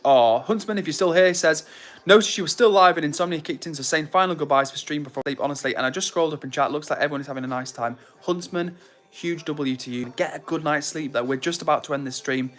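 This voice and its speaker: A man's voice: a little high, fast, a bit bright. A young man hosting a livestream, casually reading viewer comments and greeting people by name in a friendly, upbeat way. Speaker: livestream host.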